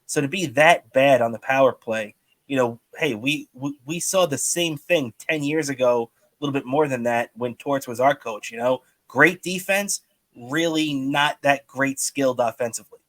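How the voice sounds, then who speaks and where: A man's voice: medium pitch, normal speed, a bit bright, no room sound. A man co-hosting a sports podcast, talking in a rambling way with many fillers and restarts. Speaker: podcast co-host. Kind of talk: casual sports talk.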